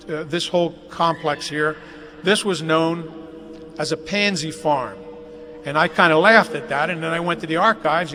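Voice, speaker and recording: A man's voice: a little high, pushed and bright. An older man giving a folksy, jokey anecdotal speech at a dedication ceremony inside a large athletic facility, recorded on a live webcast. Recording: live webcast, long hall reverb, faint noise.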